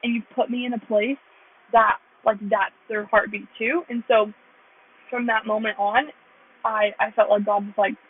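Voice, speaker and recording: Young woman, husky, tinny phone sound. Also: a little high, level tone, normal speed. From United States. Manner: earnest, rambling, heavy use of "like". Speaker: vlogger sharing her testimony. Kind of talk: casual faith testimony.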